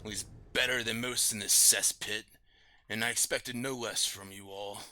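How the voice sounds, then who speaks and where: A man's voice: lowish voice, steady tone, moderate pace, bright, forceful tone. A man voicing a stern half-orc leader with an eye patch and a cybernetic arm.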